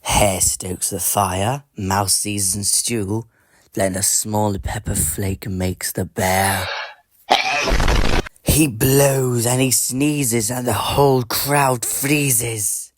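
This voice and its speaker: A man reading a picture book aloud as a slow bedtime story, lilting and rhythmic, drawing out the refrains. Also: fairly low pitch, fairly even intonation, no room sound. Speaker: storybook reader.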